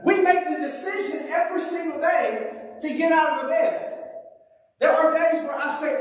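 A man's voice: very high-pitched, steady tone, normal speed. A man in his thirties preaching a conversational, joking sermon in a church. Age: 30s. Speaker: pastor. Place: church sanctuary. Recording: echoey church hall, mic far off.

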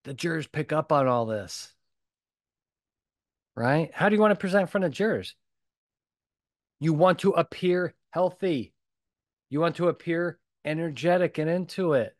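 A man's voice: a little high, normal speed, long pauses, no room sound, clean studio sound. Blunt, punchy male podcast host. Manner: emphatic and animated. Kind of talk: solo podcast talk.

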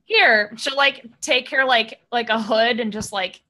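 A woman's voice: a little high, unhurried, pushed and bright. A woman playing a tabletop game, chatty and full of "like". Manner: chatty, lots of "like". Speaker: player. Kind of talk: casual tabletop-game play.

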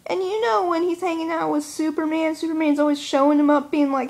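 A young woman hosting a casual countdown vlog, chatty, excitable and self-mocking. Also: high voice, normal speed. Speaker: vlogger.

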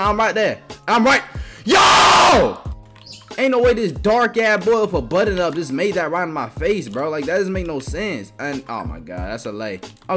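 A young man giving trash-talking commentary over his gameplay, swinging between loud taunting shouts and low muttering. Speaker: gaming streamer.

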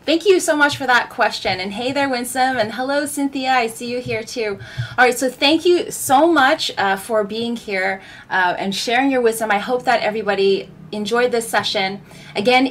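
A woman's voice: a little high, a bit bright. A woman vocal coach hosting a live stream, talking to her viewers in an upbeat, direct way. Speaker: vocal coach and show host. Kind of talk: live-stream host talk.

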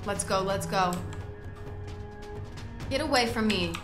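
A young woman giving excitable, reactive commentary while playing a video game, yelling at wins and groaning at losses. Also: mid-range voice, slow, roomy sound, music in the background. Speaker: gaming video creator.

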